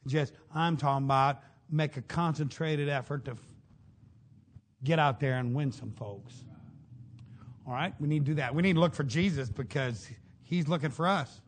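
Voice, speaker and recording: A middle-aged man preaching a sermon in a folksy way, shouting some lines and dropping low on others. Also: moderate pace.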